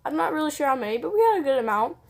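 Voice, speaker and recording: A woman's voice: sits high, very animated, very fast, vocal fry. A teenage girl telling a personal story on her vlog, rambling casually and saying "like" constantly. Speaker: vlogger.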